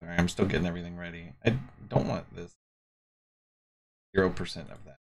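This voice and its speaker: A man's voice: sits low, fairly quick, vocal fry. A man streaming from his desk, chatting casually and bluntly while explaining a game's rules. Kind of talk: casual live-stream chat. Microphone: desk mic on a streaming setup.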